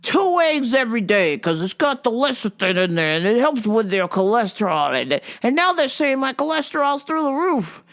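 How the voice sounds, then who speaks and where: A woman's voice: a little high, sing-song, moderate pace, hardly any pauses, voice pushed up. A woman voicing an indignant sixty-year-old male roofer calling in, rambling and conspiratorial.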